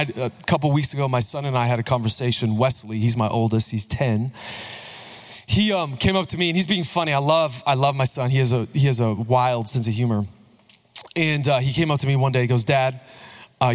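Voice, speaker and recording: A man in his thirties, a pastor delivering a sermon in a conversational, joking way with lively swings in pitch.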